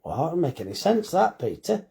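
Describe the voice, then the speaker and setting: A man's voice: fairly high pitch, very animated, brisk, gravelly, warm tone, slightly rough. A middle-aged man, a farmer and butcher, chatting casually and bluntly on a phone live stream, reading out comments and swearing now and then.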